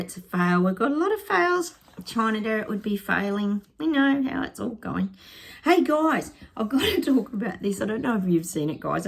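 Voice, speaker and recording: A woman's voice: lowish voice, gravelly, slightly rough. A woman chatting to camera in a sarcastic, laughing way, vlogging to her viewers. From Australia. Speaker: psychic vlogger. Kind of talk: casual chat to camera.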